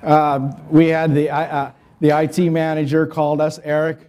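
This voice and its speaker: A man giving a conference presentation, telling customer stories in a chatty, energetic way with asides to the audience. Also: fairly high pitch, normal speed. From United States. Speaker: conference speaker. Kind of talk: business presentation.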